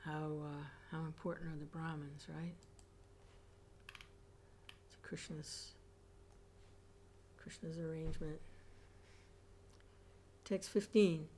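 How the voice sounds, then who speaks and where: A woman reading scripture aloud and commenting on it as a class teacher, reflective and pausing with soft hums. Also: deep voice, level tone, a little hiss or hum.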